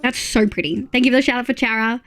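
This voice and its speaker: A woman's voice: fairly high pitch, fast talker, a bit bright. A young Australian woman streaming live, chatting casually with her viewers, reading their messages aloud and gushing over their photos. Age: young adult. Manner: chatty, reads chat aloud, gushing exclamations and muttered asides.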